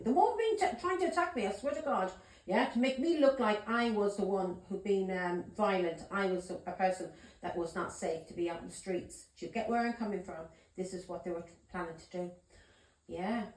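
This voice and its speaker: In an echoey room, a tarot reader with a mid-range, darkish voice talks casually to camera as she tells a story. She's emphatic, swears freely and keeps checking in with her audience: "yeah?", "do you understand me?"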